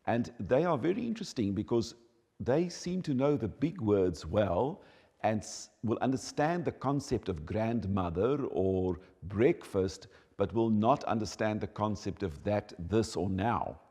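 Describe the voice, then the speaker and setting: Male educator, deep warm tone, expressive teaching delivery, reverberant hall. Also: a little slow, slightly rough. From South Africa. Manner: animated, emphatic teaching delivery. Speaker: educator on child development. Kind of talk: explanatory talk.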